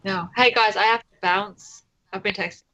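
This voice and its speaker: A woman's voice: medium pitch, steady tone, moderate pace, bright, forceful tone, lo-fi sound. A tired woman with a British accent, a podcast guest chatting hesitantly late at night. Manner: hesitant, trailing off. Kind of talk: casual chat.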